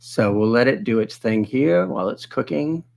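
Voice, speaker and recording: A man hosting a live webinar, chatting casually and thinking aloud as he demonstrates software and answers viewer questions. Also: medium pitch, animated, moderate pace, gravelly.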